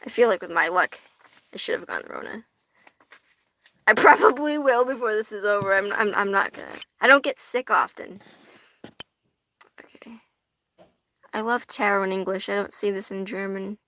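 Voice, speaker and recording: Young female streamer, casual and profane, giggly, bright tone, dry close sound. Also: mid-range voice, normal speed, long pauses, dry recording. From United States. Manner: chatty, swears a lot, laughs often. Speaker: tarot livestream host. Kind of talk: casual livestream chat reading viewer comments.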